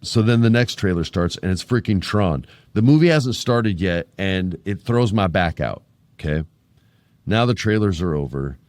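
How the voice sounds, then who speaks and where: A man in his forties tells a story on his podcast in a casual, animated way, with jokes and crude asides. His voice sits low. The recording is dry and close, with no room sound. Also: moderate pace, no room sound. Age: 40s. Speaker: podcast host.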